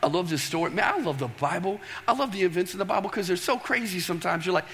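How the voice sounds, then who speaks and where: A man preaching a sermon, animated and storytelling, tossing questions to the congregation. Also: high voice, quick pace. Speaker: pastor. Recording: long reverb of a large hall.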